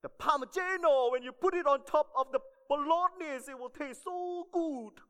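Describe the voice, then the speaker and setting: A preacher voicing a passionate, showy male Italian waiter with a loud, sing-song put-on accent. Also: extremely high pitch, moderate pace, pitched above the performer's own voice. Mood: enthusiastic.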